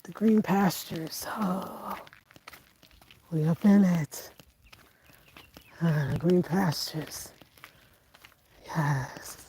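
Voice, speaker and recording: A woman's voice: sits low, warm tone, slight background noise, low-quality recording. A woman vlogging as she walks outdoors in the countryside, chatting and laughing with her viewers. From United States. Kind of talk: casual vlog while walking.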